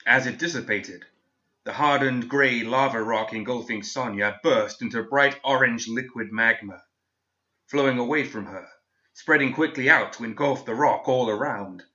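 A medium-pitched man reads a fantasy story as scripted narration, keeping a measured, steady pace. The recording is dull and lo-fi.

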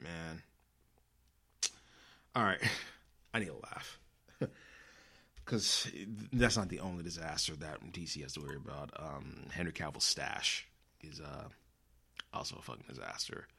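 Deep gravelly guy ranting angry and sweary, rambly slangy host talk. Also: sharp tone. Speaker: podcast host. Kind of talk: casual ranting commentary.

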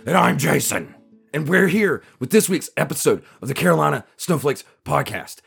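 A man's voice: fairly high pitch, lively intonation, moderate pace, vocal fry, fairly bright tone, breathy edge, soft background music, heavily acted. Man doing a blustery radio ranter: Southern US accent, choppy stop-start bursts, arms flailing. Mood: blustering. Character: blustering middle-aged male talk-radio ranter.

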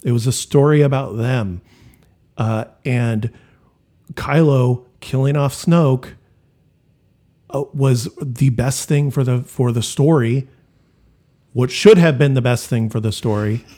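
A man's voice: medium pitch, slow pace, long pauses, dark tone. A man chatting casually about movies on a podcast, blunt and profane, with a mocking edge. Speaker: podcast co-host. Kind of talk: casual chat.

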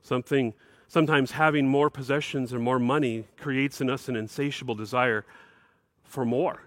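A middle-aged man preaching a sermon as pastor, emphatic, with bursts where his voice climbs higher. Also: fairly even intonation, moderate pace, no echo.

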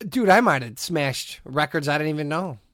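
A man's voice: a little high, animated, moderate pace, fairly bright tone, no echo. A man co-hosting a podcast in casual chat, speaking matter-of-factly with dry humor and acting out quoted voices. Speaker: podcast co-host.

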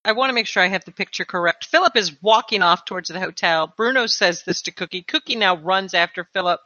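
A woman's voice: medium pitch, fast, pushed and bright, no room sound, lo-fi sound. A woman game master narrating and asking her players about their actions. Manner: checks actions, asks players questions.

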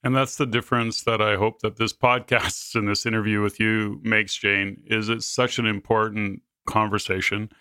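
Bright-voiced male podcast host. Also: on the low side, flat delivery, moderate pace, hardly any pauses, smooth, no room sound. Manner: rambling, restarts questions. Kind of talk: interview questions.

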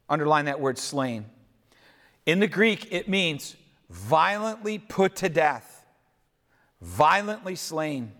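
Slow-preaching man in an echoing hall. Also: a little high, fairly bright tone. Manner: slow, deliberate preaching with questions to the listeners. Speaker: pastor. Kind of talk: sermon. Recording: echoey hall reverb.

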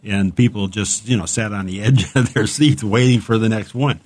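Rambling, low-voiced man chatting. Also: moderate pace, darkish tone. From United States. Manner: chatty, rambling, enthusiastic, reads passages aloud. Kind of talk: casual chat about books.

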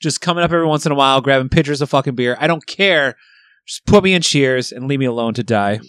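A man's voice: mid-range voice, quick pace, fairly bright tone, no echo, studio quality. A man in casual podcast chat, retelling a favorite sitcom episode in a rambling way, swearing freely and using lots of fillers. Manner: rambling, profane storytelling with many fillers.

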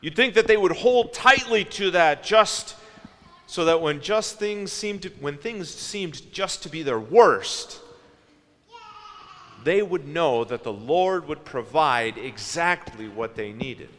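A man preaching a sermon in a slow, reflective way, asking his listeners questions. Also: on the high side, animated, fairly bright tone, long reverb tail.

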